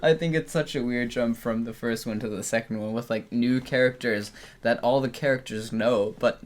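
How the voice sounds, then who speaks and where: A man's voice: mid-range voice, normal speed. A man co-hosting a casual film discussion, rambling with lots of fillers and restarts. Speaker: film podcast co-host.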